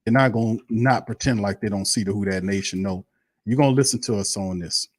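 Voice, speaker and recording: A man's voice: on the low side, brisk, no room sound. A man hosting a live sports stream, ranting bluntly and profanely, repeating himself in heated bursts. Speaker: sports show host.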